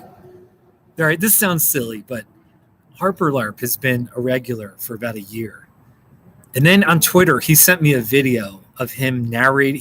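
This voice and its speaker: An American man hosting a casual livestream in a middle-pitched voice, calling out viewers by name and laughing often. A faint hum of background noise sits behind him. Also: a bit bright. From United States. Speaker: livestream host. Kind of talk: casual livestream chat reading viewer comments. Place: home in Colorado.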